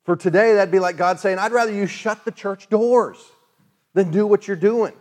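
A man's voice: high-pitched, moderate pace. Conversational man preaching a sermon. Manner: conversational preaching, acts out quoted voices. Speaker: pastor.

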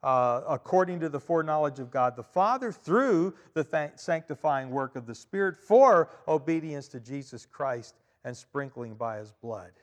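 A man preaching a sermon as pastor, emphatic, repeating key phrases and swinging between loud and quiet. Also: fairly high pitch, expressive, normal speed, few pauses. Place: church. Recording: long reverb of a church hall.

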